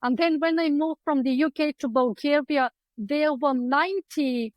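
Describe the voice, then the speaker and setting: A woman's voice: high-pitched, moderate pace, no echo, dull audio. A woman with an Eastern European accent, a clinical psychologist chatting as a podcast guest over a video call, telling her story with lots of fillers and acted-out thoughts. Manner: chatty, acts out her own past thoughts, many fillers. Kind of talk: conversational interview storytelling. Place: home room lined with books.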